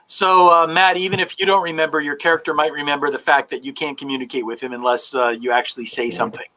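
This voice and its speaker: A male game master narrating a tabletop game in a loose, relaxed way, full of fillers. His voice is bright and a touch high, and he moves easily between questions to the players and description. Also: fast talker, poor audio.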